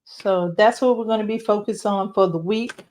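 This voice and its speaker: A woman giving an oracle card and numerology reading, talking slowly and reflectively straight to the viewer. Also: medium pitch, darkish tone, a little hiss or hum. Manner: slow, reflective, speaks to viewer directly.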